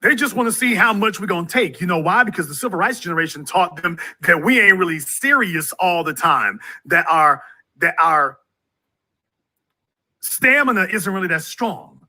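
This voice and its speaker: A man hosts a call-in talk show with a high, very bright and cutting voice. He preaches his points with force and hammers lines home by repeating them. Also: animated, normal speed. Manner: forceful, repetitive preaching delivery.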